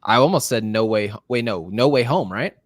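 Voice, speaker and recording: A man's voice: mid-range voice, expressive, fairly quick, no room sound. A man co-hosting a casual podcast, making dry, teasing remarks. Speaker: podcast co-host. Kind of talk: casual chat.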